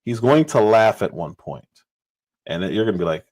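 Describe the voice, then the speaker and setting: A man hosts a livestream and talks through political commentary in a casual, off-the-cuff way. His pitch swings widely, rising high and dropping low as he presses a point. He leans on repetition to drive things home. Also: sing-song, normal speed, darkish tone, rough recording. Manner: emphatic, repeats phrases for stress.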